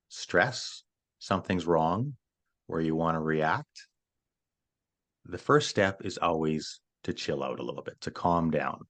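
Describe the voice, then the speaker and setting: A man answering an interview question as a stress coach, earnestly explaining his approach and often repeating words as he starts a thought. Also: deep voice.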